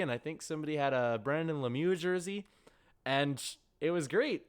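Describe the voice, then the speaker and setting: A man's voice: on the high side, clear, resonant tone. Rambling man with a northern US accent. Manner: chatty, rambling, quick asides. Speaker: podcast host. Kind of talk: solo sports rant.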